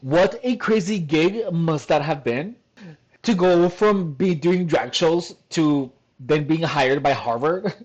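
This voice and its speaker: A man's voice: a little high, takes it slowly, darkish tone. A man doing casual reaction commentary from his computer, reading an article aloud, laughing often and stumbling over long words. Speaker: commentary vlogger. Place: home desk at a computer.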